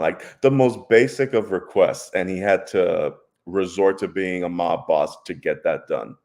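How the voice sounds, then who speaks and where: A man's voice: low voice, unhurried, a little mellow. A man co-hosting a podcast, chiming in with laid-back, analytical remarks and dry jokes in casual discussion. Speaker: podcast co-host.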